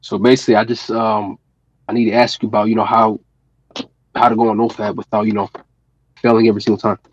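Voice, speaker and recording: Male caller, quick and husky, stumbling through fillers, over a dull dry call line. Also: fairly low pitch, level tone, dry recording. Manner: rambling with many fillers and restarts. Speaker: caller on a live stream. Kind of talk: casual comedic call-in. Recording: muffled dry call audio.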